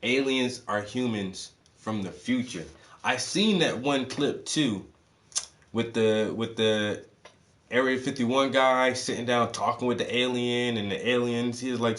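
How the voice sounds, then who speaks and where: A man hosting an art stream, chatting casually and rambling through ideas out loud, loose and profane, with fillers as he thinks. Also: medium pitch, measured pace.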